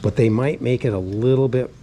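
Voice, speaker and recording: A man's voice: mid-range voice, a little fast, mellow, slight background noise, rough recording. A man casually talking through a bike tube repair in a vlog, rambling, muttering to himself and swearing now and then. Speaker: vlogger.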